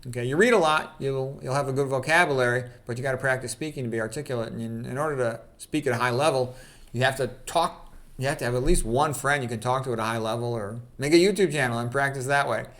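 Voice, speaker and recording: Brief: man, mid-pitched, easygoing solo talk, reads quotes and comments offhand, peppered with "okay". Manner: conversational, fillers like "okay" and "you know", opinionated asides. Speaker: channel host. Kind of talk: casual talk reading quotes.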